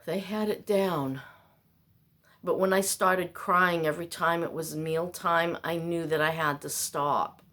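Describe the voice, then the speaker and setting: Slow, low-voiced woman ranting. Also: fairly even intonation, pushed and bright. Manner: exasperated, ranting, self-mocking. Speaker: vlogger. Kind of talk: casual rambling monologue.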